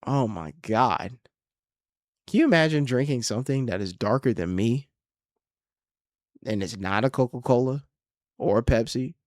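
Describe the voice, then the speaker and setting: A man's voice: medium pitch, lively intonation, normal speed, long pauses, dry recording, clean studio sound. A young man hosting his own podcast, ranting casually and profanely, rambling and exasperated. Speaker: podcast host and comedian. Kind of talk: casual solo podcast rant.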